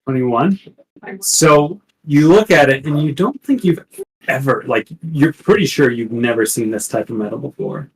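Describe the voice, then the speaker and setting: A man's voice: medium pitch, moderate pace, rough recording. Male game master, rambling descriptive narration.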